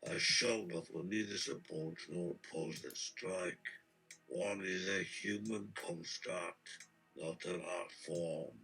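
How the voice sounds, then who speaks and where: A man's voice: deep voice, takes it slowly, vocal fry, sharp tone, husky, faint music behind, heavily acted, rough recording. A man reading out the answers of a menacing shapeshifting shoggoth monster in character, pompous and threatening, speaking in proclamations. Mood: scornful.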